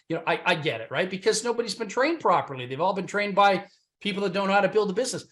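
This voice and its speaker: A man giving a loud, boastful sales pitch on a conference call, punchy and swinging between shouted emphasis and low asides, his voice a bit worn from talking loud. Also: lively intonation, quick pace. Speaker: business opportunity presenter on a conference call.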